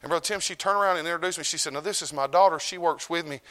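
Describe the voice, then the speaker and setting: A middle-aged man, preaching a sermon as pastor. He swings from loud declarations to low, hushed lines. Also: very fast.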